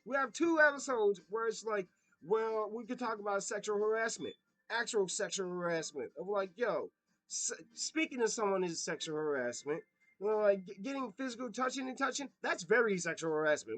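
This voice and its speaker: Animated high-voiced man ranting. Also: moderate pace, poor audio. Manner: animated, profane, laughs at himself. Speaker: commentator. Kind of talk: casual rant.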